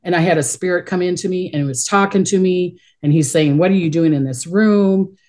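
A middle-aged psychic medium, appearing as a guest, talks in a low, mellow register at a brisk pace. Her stories ramble chattily and she often restarts sentences, keeping a casual interview tone.

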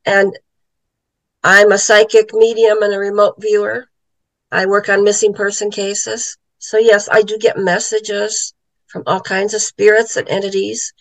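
A woman's voice: medium pitch, little pitch movement, measured pace, a bit bright, dry recording, low-quality recording. A middle-aged woman, an author and psychic medium, telling a story in a casual interview and acting out the voices she quotes.

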